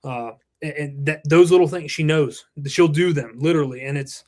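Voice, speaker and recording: A roofing company president in his thirties appears as a podcast guest, speaking earnestly and reflectively in a relaxed interview, occasionally cursing. His voice is a little high and a little mellow, at normal speed.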